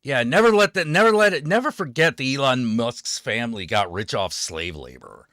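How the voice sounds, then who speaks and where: A man's voice: mid-range voice, expressive, normal speed, sharp tone, no echo, studio quality. A man hosting his own stream, ranting in a sarcastic, profane way about politics. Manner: swearing, sarcastic, fired-up. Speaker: streamer host.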